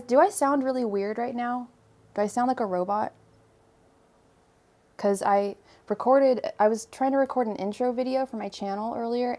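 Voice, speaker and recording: A woman's voice: medium pitch, a little mellow. A young woman from Ireland hosting a tarot livestream, chatting casually and rambling as she greets viewers by name. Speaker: tarot reader and livestream host.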